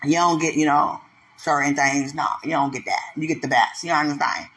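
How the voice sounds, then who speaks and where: A speaker in a casual faith-filled monologue who laughs often, teases and keeps asking whether the listener understands, and who acts out quoted voices in a raised pitch. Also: fairly quick, sharp tone, rough recording. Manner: laughs often, teasing, repeats "you understand?".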